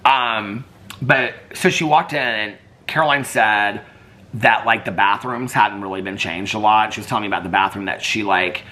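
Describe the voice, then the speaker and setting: A man's voice: on the low side, moderate pace, sharp tone. A man vlogging in casual chat, rambling and filling his talk with "like". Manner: rambling, heavy use of "like".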